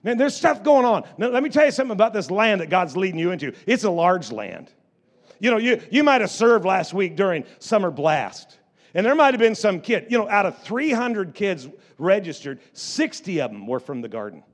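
High-voiced stammering man preaching a sermon. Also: big pitch swings, fairly quick. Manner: stammering restarts, swings from quiet storytelling to loud exhortation. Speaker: pastor. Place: church.

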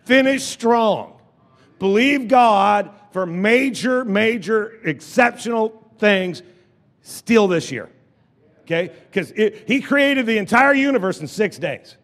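Speaking slowly in an animated, fairly bright voice that sits high, this male pastor delivers a sermon from the pulpit. The big hall of the church sanctuary carries his call-and-response with the congregation as he repeats phrases and starts sentences over.

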